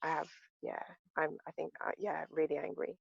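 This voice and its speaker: A woman's voice: sits low, little pitch movement, normal speed, vocal fry, husky, dry recording. Woman speaking emphatically on a dull, dry call. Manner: heavy, emphatic, repeats words for stress. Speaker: discussion participant. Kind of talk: casual group discussion.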